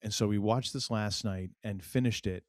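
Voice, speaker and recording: A man's voice: fairly low pitch, fairly even intonation, normal speed, darkish tone, dry recording, clean studio sound. A middle-aged man from New England, co-hosting a podcast in casual, rambling chat full of fillers and restarts. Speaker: podcast co-host.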